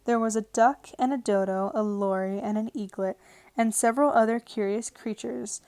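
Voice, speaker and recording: A woman narrating a storybook aloud in a calm, even read-aloud manner. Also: fairly high pitch, moderate pace, no echo. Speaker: audiobook narrator. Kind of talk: storybook reading. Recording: dry home recording. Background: faint television sound.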